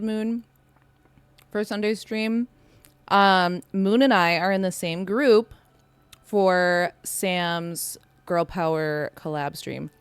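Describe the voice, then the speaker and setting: A woman's voice: fairly low pitch, clean tone, no room sound. Bubbly woman chatting on a stream. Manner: bubbly and excitable, chatting to viewers. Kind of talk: casual live-stream chat.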